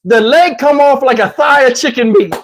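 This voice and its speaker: A man casually telling a story to his channel, in a slangy, profane, lively way. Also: extremely high pitch, normal speed, a little hiss or hum. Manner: profane, slangy, lively retelling with acted-out quotes.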